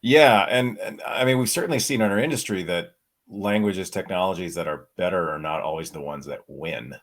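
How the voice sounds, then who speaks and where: Male podcast host, middle-aged, very low voice, casual and dry-humored. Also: a little fast. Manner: relaxed, wry, thinks aloud with repeated words. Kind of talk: casual conversational interview.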